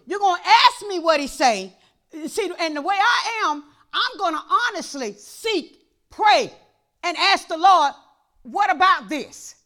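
High, swooping woman preaching a sermon. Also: expressive, measured pace. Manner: impassioned, repeats phrases, swings from hushed to shouting. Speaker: pastor. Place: church.

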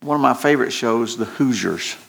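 A man preaching a sermon as pastor, slow and emphatic, often repeating phrases and restarting. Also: mid-range voice, vocal fry.

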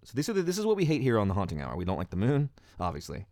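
Casual low-voiced guy hosting a goofy chat show, rambling and mock-grumpy, dry close sound. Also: huge pitch swings, rapid-fire, a little mellow, dry recording. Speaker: podcast host. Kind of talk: casual comedic chat over music.

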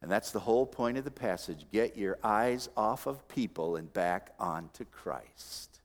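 Lively preaching man in a reverberant hall. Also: fairly low pitch, measured pace, hardly any pauses. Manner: expressive preaching, swings from soft asides to loud emphatic peaks; dry humorous asides to the congregation. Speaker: pastor. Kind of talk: sermon. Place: church sanctuary. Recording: long reverb of a large hall.

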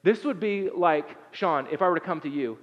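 Brief: male pastor, slightly high voice, casual preaching full of "like" and "man", dull recording with long hall reverb. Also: moderate pace. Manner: casual, conversational preaching with frequent fillers and restarts. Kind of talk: sermon.

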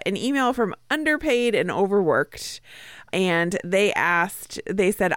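A woman from Washington state co-hosts a podcast, chatting in an easygoing way with plenty of fillers. Her voice sits fairly low for a woman, and the sound is dry and close. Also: dry recording. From Washington state, USA. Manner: relaxed, chatty, many fillers. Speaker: podcast co-host. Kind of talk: casual chat.

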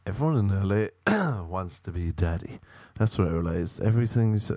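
A man's voice: low-pitched, expressive, normal speed, warm tone, no echo. A man doing a stand-up comedy monologue, rambling and self-mocking with crude jokes.

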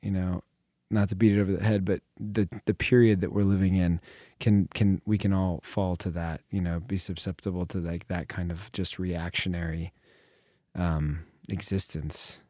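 A man chiming into a casual conversation with halting, restarting phrases. His voice is very low and mellow, and the sound is dry and close. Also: level tone, no echo.

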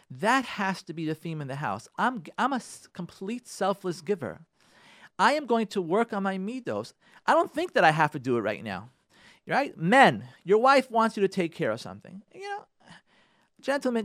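A middle-aged man gives an inspirational religious talk as a radio host. He is emphatic, repeats his points and speaks directly to his listeners, and his pitch swings widely. The sound is dry and close. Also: huge pitch swings, a little fast, fairly bright tone, no room sound.

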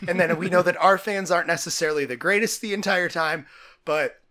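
A man co-hosting a podcast, chatting loosely and enthusiastically. His voice sits a little high with a bright, forward tone. He rambles along, leaning on fillers as he goes. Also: brisk. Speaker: podcast co-host. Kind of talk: casual chat.

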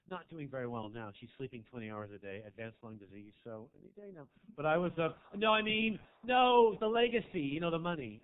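A man doing a stand-up comedy set in a small club, with brash, campy crowd work that swings from loud to quiet. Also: a little high. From American South. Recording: tinny phone-like audio.

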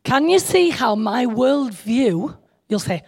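A woman's voice: fairly high pitch, sing-song, takes it slowly, a little mellow, breathy edge. A woman giving an informal, chatty sermon, joking with her listeners and teasing herself. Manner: chatty, joking, self-deprecating, speaks to the audience directly. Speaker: speaker at a church meeting.

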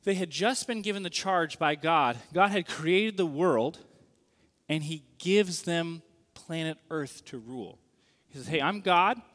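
A man preaching a sermon in a conversational, animated way, often checking in with the audience. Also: on the high side, unhurried. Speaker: pastor. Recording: long reverb of a large hall.

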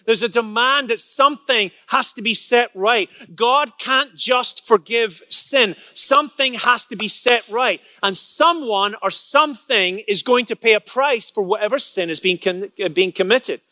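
A man with a high, bright, ringing voice preaches a sermon built around a personal story. He tends to repeat words as he builds toward a point and slips into quick character voices for what others said. The sound is close and dry, with no room around it. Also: no echo. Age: adult, past college age. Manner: storytelling, repeats words when excited, acts out quotes.

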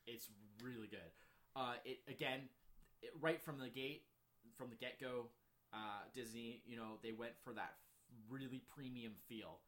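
A man co-hosting a casual film chat, rambling with many fillers and jumping up in pitch when he gets excited. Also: unhurried. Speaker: co-host ranking films.

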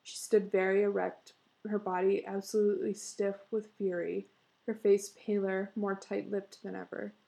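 A woman narrating a story in a measured, expressive way. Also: mid-range voice, gravelly, rough recording.

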